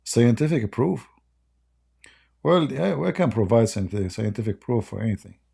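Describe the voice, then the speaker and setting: A man's voice: mid-range voice, lively intonation, normal speed, vocal fry, mellow, breathy edge. A man hosting a live debate stream in casual, mocking chat, rambling and laughing often, his voice worn and going. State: losing his voice.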